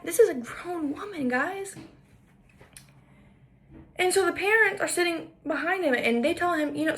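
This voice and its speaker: A woman's voice: very high voice, animated, normal speed, pauses often, fairly bright tone. A woman podcaster telling a story in an indignant, emphatic commentary monologue with lots of repetition.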